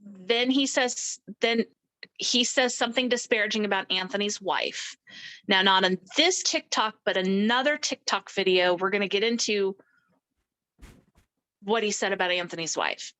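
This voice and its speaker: Bright, animated middle-aged woman guest. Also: mid-range voice, moderate pace, rough recording. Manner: animated, acts out quoted speech. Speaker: interview guest. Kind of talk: emotional personal storytelling.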